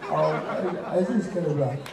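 A measured, halting elderly statesman voiced by a comedian. He speaks slowly, with long pauses, in a voice set high for a man. The sound rings through a roomy hall, picked up from some distance. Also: crowd noise, close to an everyday voice. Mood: deliberate. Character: elderly male head of state, slow and measured. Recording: roomy live stage, distant mic.

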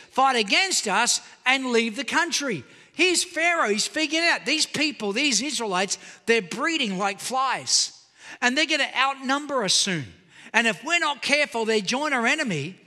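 High bright-voiced preaching pastor. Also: male voice, in a large hall. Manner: animated preaching, calls out to the congregation. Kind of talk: sermon. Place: church auditorium.

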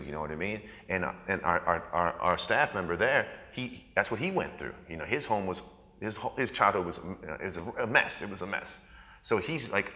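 A man's voice: sits low, a little fast. A man giving a conference talk, acting out the people in his stories as he tells them. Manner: animated storyteller acting out quotes. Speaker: conference presenter. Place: conference hall. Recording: echoey hall.

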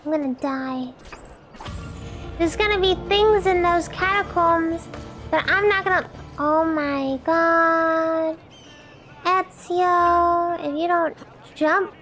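A young woman with a very high voice plays a video game on stream, exclaiming, swearing and joking at the character. Faint game music plays behind her. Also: slow pace, fairly bright tone. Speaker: gaming streamer. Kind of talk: let's play commentary.

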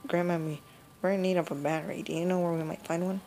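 Game hero lines read by a woman, low gravelly voice, noisy recording. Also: fairly even intonation, fast, dark tone, natural voice. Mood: plain.

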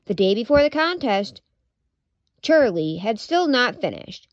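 A woman's voice: fairly high pitch, very animated, a little slow, no room sound. Woman reading a kids' storybook aloud; dull, dry home recording. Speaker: storybook reader. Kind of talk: children's read-aloud.

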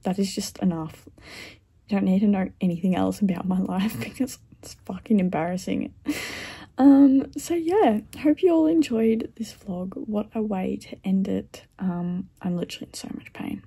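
Chatty girl in her 20s vlogging, low mellow tone, blunt and sweary. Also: a little slow, slightly rough. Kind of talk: casual vlog storytime.

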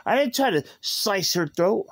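A man with a high voice vents his grievances at an unhurried pace. He circles back over the same points and sounds confrontational. The sound is close and dry, with no room around it. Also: expressive, a bit bright, dry recording. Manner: aggrieved, repetitive, confrontational. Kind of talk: angry rant to camera. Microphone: phone.

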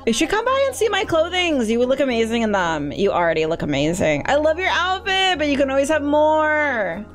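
A woman voicing a bubbly young female fashion shop owner in a cozy game, gushing and quick with compliments. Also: sits high, soft background music, pitched above the performer's own voice. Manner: gushing, fast, flattering.

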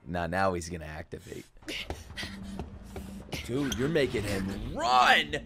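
Excitable man reacting loudly, music behind. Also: on the low side, slow pace. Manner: excitable, swearing, shouting and laughing. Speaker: anime reaction streamer. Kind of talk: live reaction commentary. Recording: anime audio playing loudly behind.

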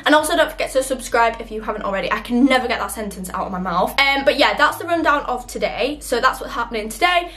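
A woman's voice: fairly high pitch, expressive, quick pace, few pauses, a bit bright, a little hiss or hum. A young woman chatting to camera at home in a casual vlog, bubbly and rambling, filming on a handheld camera. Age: young adult. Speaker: vlogger. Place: home, indoors.

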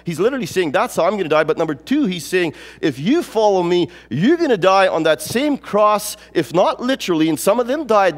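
A man preaching a sermon in a church, emphatic and fond of repeating phrases, his voice swinging between lifting up and dropping low. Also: big-room sound. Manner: emphatic, repeats phrases, rises and falls in pitch. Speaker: pastor. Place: church sanctuary.

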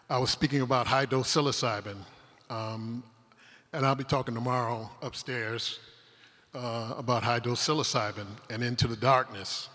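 This Detroit man, a conference speaker, has a mid-range, fairly bright voice. His storytelling talk in a converted industrial hall wanders through humorous anecdotes and asides, and the recording carries the room's long reverb.

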